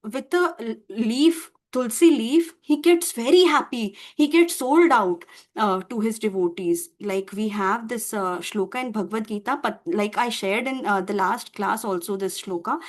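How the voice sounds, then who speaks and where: A woman teacher telling a devotional story to children in an animated, stumbling way. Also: a little high, unhurried. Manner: animated, many fillers and restarts.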